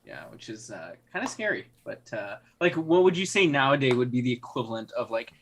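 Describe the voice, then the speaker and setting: A man's voice: mid-range voice, big pitch swings, brisk, a bit bright. Chatty laughing man on a podcast. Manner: laughs often, hesitant fillers and restarts. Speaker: podcast co-host. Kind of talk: casual chat.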